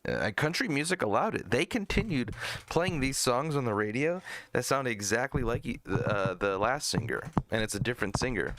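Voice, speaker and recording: Profane, gravelly-voiced music-review streamer. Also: male voice, medium pitch, expressive, normal speed, a bit bright, a little hiss or hum. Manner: blunt, profane, mocking asides. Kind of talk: casual live-stream chat.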